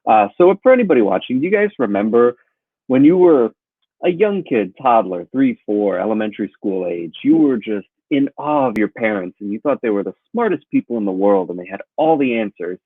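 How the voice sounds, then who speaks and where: A man doing a deadpan stand-up routine with dry punchlines, heard over a call. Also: on the low side, a little fast, breathy edge, no echo. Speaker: comedian guest. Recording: tinny phone-like line.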